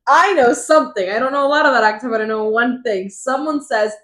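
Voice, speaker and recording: A young woman from Miami, co-hosting a podcast, talking in a dramatic, expressive way. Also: fairly high pitch, fast talker. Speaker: podcast co-host. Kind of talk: casual chat.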